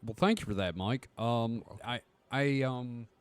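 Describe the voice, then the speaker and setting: This podcast co-host speaks at a medium pitch, a little slowly, with a clean tone. Nursing a cough, he chats casually, reads out news articles and curses freely in a rambling, self-mocking way.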